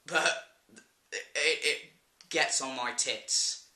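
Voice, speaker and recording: A man's voice: mid-range voice, takes it slowly, bright, forceful tone, reverberant. A man with an English accent ranting in a vlog, blunt and sweary with an exasperated edge. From England. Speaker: vlogger.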